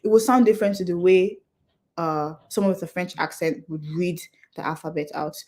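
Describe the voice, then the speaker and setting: Young adult woman, conference speaker, earnest explainer, voice sits a bit low. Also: a little fast, darkish tone. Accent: non-Nigerian English accent. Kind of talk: talk to an audience.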